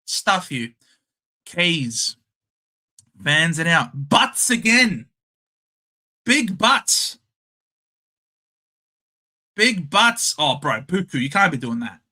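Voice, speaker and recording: A young Australian man hosting a casual live watchalong, calling the game and chatting with viewers, shouting at the big plays. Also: fairly high pitch, very animated, takes it slowly. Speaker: live stream host.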